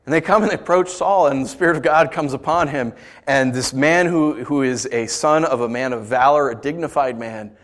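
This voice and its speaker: A man preaching a sermon, conversational and animated, with playful asides to the congregation. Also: medium pitch, moderate pace. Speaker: pastor.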